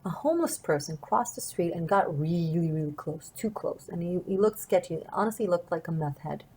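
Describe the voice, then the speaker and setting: Woman w a lowish voice, tarot reader rambling thru a story, earnest and reflective. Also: lively intonation, brisk, darkish tone, husky, rough recording. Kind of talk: casual storytelling to camera.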